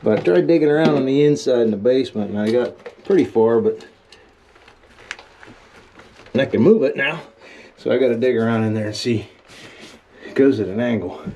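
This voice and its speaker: A man's voice: mid-range voice, normal speed, long pauses, warm tone, slight background noise. A man vlogging his house restoration, narrating casually and wryly to viewers while he digs and works outdoors. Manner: folksy, wry and self-deprecating, talks to viewers mid-task. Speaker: DIY home restoration vlogger. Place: outdoors at a house and well house, digging.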